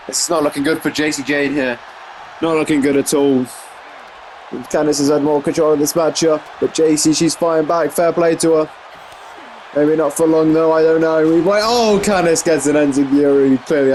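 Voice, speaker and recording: A young man commentating a wrestling video game in casual play-by-play, excitable, often saying "jeez" and correcting himself mid-sentence. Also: a little high, slight background noise, poor audio.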